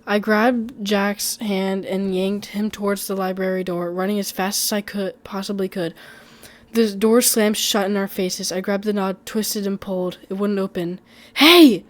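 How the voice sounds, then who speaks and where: A woman's voice: medium pitch, little pitch movement, moderate pace. Female storytime narrator, first-person horror, conversational read with occasional stumbles. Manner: conversational reading with small slips and restarts.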